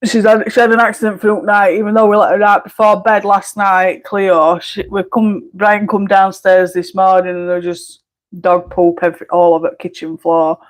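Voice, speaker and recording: A woman from Barnsley with a Barnsley Yorkshire accent, chatting casually on a colouring live stream at home, blunt and quick to laugh, with mild swearing. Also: medium pitch, flat delivery, low-quality recording. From Barnsley, England. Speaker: colouring livestreamer.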